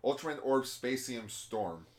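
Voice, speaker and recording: A man in casual chat, relaxed, reading from his notes. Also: medium pitch, unhurried.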